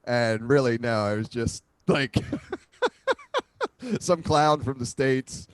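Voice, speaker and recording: A man's voice: mid-range voice, slow pace, no room sound. A man from Philadelphia hosting a podcast, chatting casually, joking and laughing often. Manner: animated, jokey, laughs often. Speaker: podcast host. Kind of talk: casual chat interview.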